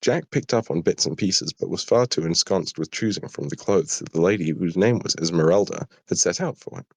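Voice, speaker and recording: A man's voice: low-pitched, fairly quick, creaky, husky, dry recording. A tired British man with a southern English accent reading his own story aloud and stopping for apologetic asides. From Britain. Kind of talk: live story reading and chat.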